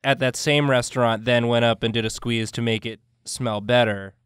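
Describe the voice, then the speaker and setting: Playful young man, smooth voice. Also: medium pitch, fairly even intonation, a bit bright, dry recording, clean studio sound. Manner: playful, quick to laugh. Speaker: show artist. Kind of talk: casual chat while drawing.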